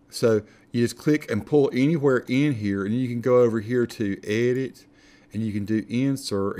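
A man giving a casual screen-recorded software tutorial, chatty and self-correcting as he clicks through menus. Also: lowish voice. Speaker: software instructor.

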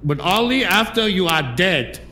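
A taunting enemy propaganda announcer. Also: male voice, high-pitched, very animated, pushed and bright, heavily acted. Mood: taunting calm. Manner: measured, coaxing, repeats the listener's title. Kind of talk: wartime propaganda broadcast clip.

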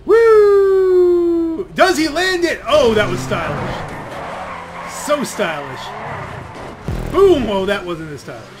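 Excitable high-voiced man racing commentary. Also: takes it slowly, long pauses, background noise. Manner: excitable, exclaiming. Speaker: gaming channel host. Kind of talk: live racing game commentary. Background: loud game music.

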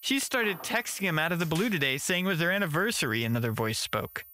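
A man narrating a first-person horror story with a tense, measured reading. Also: on the high side, animated, sharp tone, dry recording, clean studio sound.

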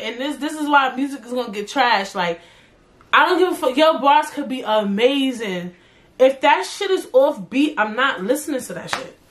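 Blunt, profane young woman ranting. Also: fairly high pitch. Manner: blunt, profane, animated and opinionated. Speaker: podcast host. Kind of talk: casual solo podcast rant.

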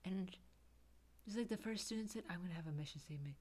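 A woman playing a bitter heartbroken young woman student who talks in hushed, menacing whispers. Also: lowish voice, fast, natural voice. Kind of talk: comedy sketch character.

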